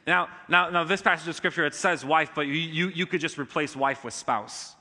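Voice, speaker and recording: Bright, forceful man preaching in echoey hall. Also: normal speed. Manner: emphatic, with sudden rises in pitch and loudness. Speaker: pastor. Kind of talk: sermon. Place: church auditorium.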